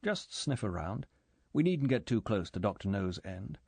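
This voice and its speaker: A male narrator voicing a cool, decisive British agent who plans in brisk, clipped sentences. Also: fairly low pitch, very animated, creaky, darkish tone, husky, no room sound, full character voice.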